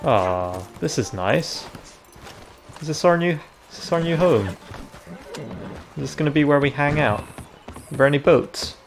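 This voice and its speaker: A young man chatting casually over his gameplay, reacting out loud and swearing freely. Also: fairly high pitch, lively intonation, unhurried, long pauses, slight background noise. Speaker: gaming video creator.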